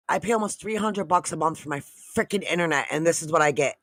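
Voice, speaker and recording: A woman's voice: deep voice, fairly quick, hardly any pauses, no echo, studio quality. A woman hosting a casual livestream chat with viewers, frustrated and swearing, trailing off mid-thought as she talks to the chat. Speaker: livestream host.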